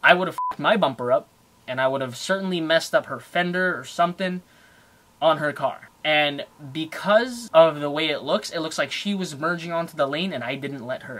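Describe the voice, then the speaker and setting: Bright-voiced, heated young man. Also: fairly high pitch. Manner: animated, heated, fast with fillers. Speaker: car vlogger. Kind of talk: casual storytelling rant.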